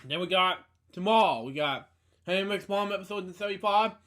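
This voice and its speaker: High-pitched guy hosting his own little show, sleepy and yawning, rambling through a list of upcoming stuff. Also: normal speed, a bit bright. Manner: rambling, listy delivery with frequent fillers. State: tired and yawning. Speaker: host of a home video show. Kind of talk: casual show wrap-up and announcements.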